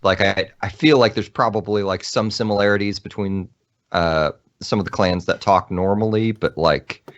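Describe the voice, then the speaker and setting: A man with a lower voice lays out his ideas on a games podcast, hedging and filling pauses with "um" and "like". His voice comes through dull lo-fi audio. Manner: thoughtful, hedging, explains with fillers. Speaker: podcast co-host. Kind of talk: casual podcast chat about games.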